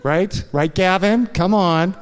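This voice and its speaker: A man's voice: high voice, slow. Man preaching a candid sermon in a reverberant church. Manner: candid, confessional storytelling with frequent "right?" asides to the congregation. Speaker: pastor. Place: church sanctuary.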